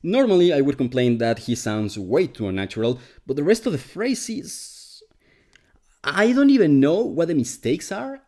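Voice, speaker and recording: A man's voice: medium pitch, a little mellow. A man whose first language is Spanish, giving a scripted, sarcastic commentary as host of a video essay. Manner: sarcastic, exasperated critique.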